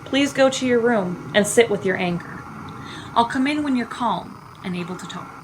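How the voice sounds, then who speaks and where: A woman's voice: a little high, moderate pace, noisy background, natural voice. A woman doing a patient, firm grandfather.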